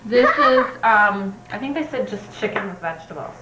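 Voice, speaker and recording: A woman's voice: mid-range voice, expressive, moderate pace. A woman chatting at a family holiday meal, explaining things and laughing along. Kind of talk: casual family chat. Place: home dining room at a holiday meal. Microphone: camcorder mic. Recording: roomy camcorder audio with noise.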